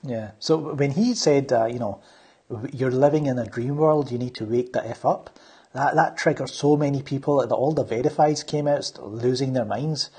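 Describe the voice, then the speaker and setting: A man in easy podcast conversation, his voice a little husky at an ordinary middle pitch. He rambles along and keeps restarting his sentences around plenty of fillers. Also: normal speed, darkish tone. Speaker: channel host. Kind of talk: casual podcast chat.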